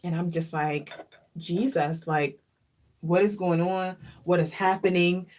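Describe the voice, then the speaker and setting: A woman's voice: lowish voice, level tone, a little slow, a little mellow. A woman vlogger talking casually and earnestly, openly emotional and reflective, often repeating phrases for emphasis. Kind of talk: casual chat.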